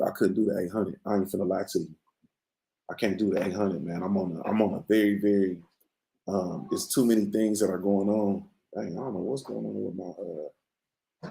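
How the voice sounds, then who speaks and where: A man with a low, gravelly, mellow voice hosts a casual morning show from home, rambling in easy slang. The computer mic picks up a roomy echo off the walls. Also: steady tone, a little fast. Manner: laid-back, rambling, slangy. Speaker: boxing show host. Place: room at home.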